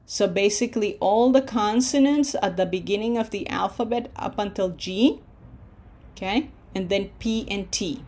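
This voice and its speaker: A woman's voice: medium pitch, moderate pace, a little mellow. A woman teaching a Spanish pronunciation lesson, patiently drilling syllables and checking in with frequent questions.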